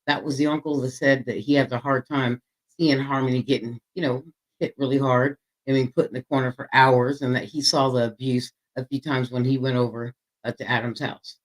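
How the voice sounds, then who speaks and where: A man hosting a casual true crime commentary show, talking straight to his viewers in an animated, chatty way. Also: medium pitch, fairly quick, low-quality recording. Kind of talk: casual commentary over a played interview.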